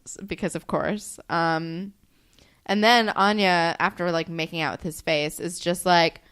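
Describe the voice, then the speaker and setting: A woman's voice: on the low side, fairly even intonation, measured pace, fairly bright tone, smooth. A woman with a New Jersey accent co-hosting a podcast, chatting casually and acting out characters' lines. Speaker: podcast co-host. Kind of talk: casual chat recapping a TV episode.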